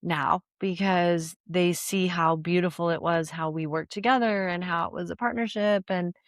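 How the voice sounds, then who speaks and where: A woman's voice: lowish voice, steady tone, moderate pace, no room sound, studio quality. An older woman talking as a guest in a casual conversation, telling stories animatedly with restarts and laughter.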